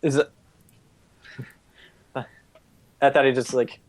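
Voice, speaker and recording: A man's voice: sits high, animated, normal speed. Man running a tabletop game. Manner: casual, laughing narration with restarts. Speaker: game master.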